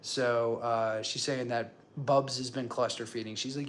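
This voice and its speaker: Chatty young dad rambling at home. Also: male voice, medium pitch, little pitch movement, a little slow, a little hiss or hum. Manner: rambling and chatty, with frequent fillers and restarts. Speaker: working dad vlogger. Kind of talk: casual talk to camera. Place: his home.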